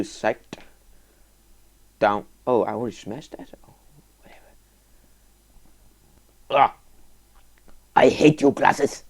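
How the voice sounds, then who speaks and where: A man giving casual let's-play commentary on a game, rambling and excitable, breaking into sudden high yelps and whoops. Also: slow, long pauses, breathy edge. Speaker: gaming video host.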